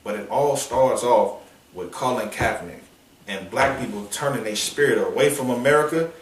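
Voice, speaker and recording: A man preaching on a downtown street in a forceful, confrontational, slangy manner, with call-and-response from listeners. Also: mid-range voice, moderate pace, a little hiss or hum. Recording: echoey street sound from a distance.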